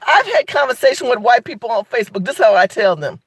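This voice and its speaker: A woman's voice: sits high, expressive, quick pace, hardly any pauses, slightly rough, dry recording. A woman hosting a live video, talking straight to her viewers in a sassy, emphatic way. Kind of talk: animated live-stream commentary.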